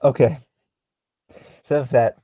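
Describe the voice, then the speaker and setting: A young man talks loosely on a livestream, reacting to viewer comments. His speech is halting and full of ums, with an ordinary middle pitch. The recording is close and dry, with no room sound. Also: steady tone, warm tone, no room sound, poor audio. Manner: halting, many filler ums, chuckles while reading. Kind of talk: casual livestream chat.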